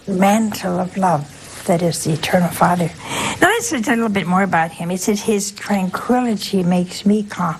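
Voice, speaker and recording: A woman's voice: medium pitch, a little hiss or hum, rough recording. Folksy older woman preaching. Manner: folksy, conversational, asks audience questions. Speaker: nun preaching. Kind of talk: informal sermon.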